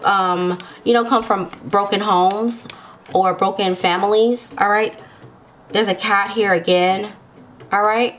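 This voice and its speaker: A woman with a mid-range voice gives viewers a casual tarot reading over a noisy background. She's chatty and giggly, frequently checking in with whoever is listening.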